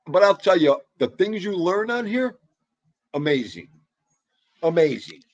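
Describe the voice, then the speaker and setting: A man hosting a casual livestream, loud and excitable, chatting straight to his viewers. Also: high-pitched, normal speed, no room sound, dull audio. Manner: loud, excitable, talks to chat. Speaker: livestream host.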